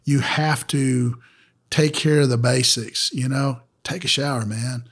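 Guy on a podcast, husky, earnest advice, trails off soft. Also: mid-range voice, steady tone, a little slow. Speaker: podcast co-host. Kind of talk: reflective podcast talk.

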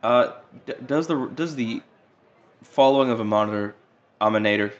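A man's voice: mid-range voice, moderate pace. A man playing a tabletop game, wry and joking as he asks the game master questions. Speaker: player. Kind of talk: casual chat at a game table. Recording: dull lo-fi mic.

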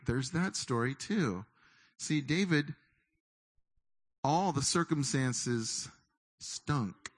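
Animated man preaching a sermon. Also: mid-range voice. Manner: animated, acts out inner voices of listeners. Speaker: pastor.

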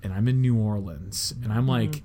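A man's voice: on the low side, moderate pace, dark tone, a little hiss or hum. A young man from the Chicago area hosting a podcast, telling a story in a rambling, casual way full of fillers. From Chicago area, United States. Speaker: podcast host.

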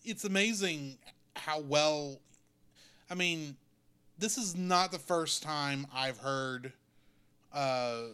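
A man's voice: on the high side, slow, long pauses, pushed and bright, clean tone. A man co-hosting a casual movie review chat, chatty and jokey, laughing at his own asides.

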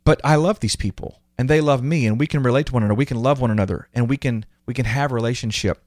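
A man hosting a podcast talks fast in a mid-range voice, recorded with no room sound. His casual storytelling about his own life is earnest and emotional, and he acts out, with animation, the things others said to him.

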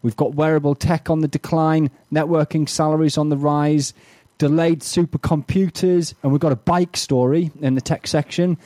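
A man hosts a casual tech podcast, genial and chatty. His voice sits a touch high and mellow, recorded close and dry. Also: steady tone, moderate pace, no echo. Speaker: podcast host.

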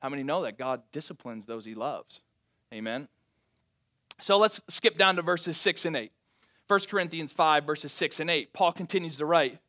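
A man's voice: fairly high pitch, lively intonation, normal speed, pushed and bright. A man preaching a sermon as pastor, talking emphatically with frequent restarts and rhetorical questions to the congregation.

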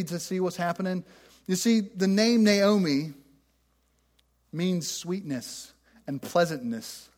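Middle-aged male pastor, high-pitched, conversational and self-deprecating preaching. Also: darkish tone. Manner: conversational, self-deprecating, stumbles and repeats words. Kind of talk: sermon.

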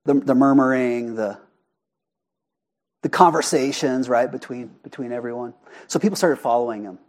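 A man preaching a sermon in a church, animated and conversational, often asking the congregation questions. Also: medium pitch, moderate pace. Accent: Arizona. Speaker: pastor. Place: church sanctuary.

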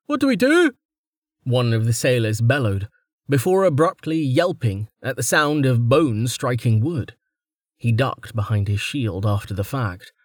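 Dude reading a fantasy audiobook, slow and dramatic, dead dry sound. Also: male voice, medium pitch, lively intonation, no room sound. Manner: dramatic storytelling. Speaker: audiobook narrator. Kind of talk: scripted narration.

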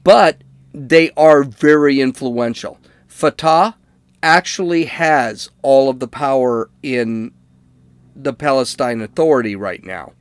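A man's voice: medium pitch, slow pace, clean tone, dry recording. A man talks through current events in a loose, conversational commentary, checking in with listeners and restarting his sentences. His voice sits in a middle register. It is recorded close and dry, with no room sound. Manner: conversational, fillers and restarts, asks "okay?" to listeners. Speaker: political commentator. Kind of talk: casual commentary to camera.

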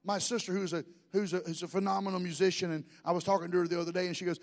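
A man's voice: sits high, little pitch movement, racing, hardly any pauses, big-room sound. A man preaching a sermon, conversational, joking with the congregation in asides. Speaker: pastor.

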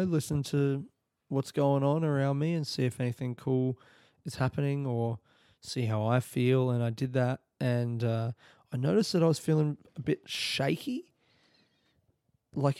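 A man's voice: mid-range voice, darkish tone, dry recording, studio quality. A young man, hosting a podcast and rambling reflectively in a casual solo monologue, full of restarts. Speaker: podcast host.

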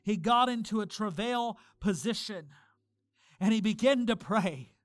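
A man preaching a sermon as pastor, swinging between fervent shouted declarations and quiet storytelling. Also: extremely high pitch, animated, slow pace, no echo.

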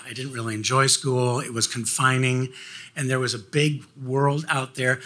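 Older man, personal storytelling, halting, repeats words, bright, husky. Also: mid-range voice. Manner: halting, repeats words, acts out quoted voices. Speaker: guest speaker.

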